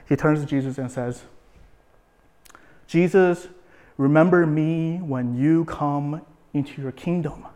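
Man preaching an explanatory sermon. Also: medium pitch. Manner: explanatory, with frequent fillers and repetitions.

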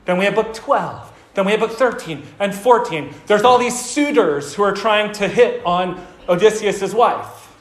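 A man's voice: high voice, a little slow, few pauses. A man preaching a sermon, telling a story casually and talking with the audience. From United States. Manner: casual, lively storyteller who talks to the audience. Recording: echoey hall.

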